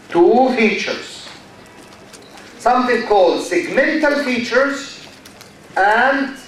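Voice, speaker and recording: An Egyptian-accented male lecturer, whose first language is Arabic, speaks slowly in a fairly high voice, repeating terms and asking "okay?". He is recorded from far off in a big, very echoey hall with faint background noise. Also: a bit bright. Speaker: university lecturer. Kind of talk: classroom lecture.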